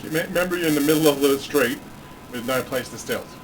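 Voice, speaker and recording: A man playing a tabletop game, joking and quick to argue with the game master. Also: a little high, far from the mic, slight background noise, rough recording. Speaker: player. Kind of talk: casual tabletop play.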